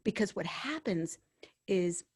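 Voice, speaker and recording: A woman's voice: medium pitch, animated, slow, a little mellow, slightly rough, no echo, studio quality. A woman guest, a former hospice worker, speaking earnestly in a conversational interview and acting out the people in her stories. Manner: earnest, storytelling, acts out quoted dialogue.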